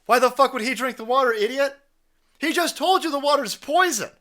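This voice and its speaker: A man's voice: very high-pitched, a little fast, sharp tone. A man giving crude, mocking reaction commentary, ranting and swearing. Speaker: online commentator.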